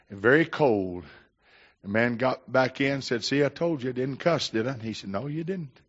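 Older man, pastor, folksy storytelling sermon, emphatic swells, slightly muffled recording. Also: mid-range voice. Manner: folksy storytelling preacher, rising to emphatic declarations.

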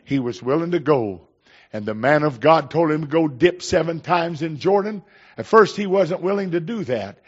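A man's voice: a little high, animated, normal speed, slightly rough. An older male pastor delivers a sermon in a folksy, storytelling way. He swells into emphatic declarations between anecdotes. The recording is slightly dull and muffled.

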